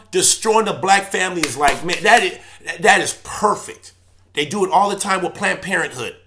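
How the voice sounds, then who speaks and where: A church elder speaking in an emotional, preaching personal video monologue. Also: male voice, high voice. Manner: impassioned, preaching tone, swings from loud to subdued.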